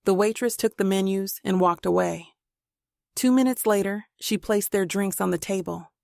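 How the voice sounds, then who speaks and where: A woman narrating a novel in steady, plain storytelling, recorded on a close mic. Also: medium pitch, normal speed, creaky, no echo. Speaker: audiobook narrator. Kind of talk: scripted narration.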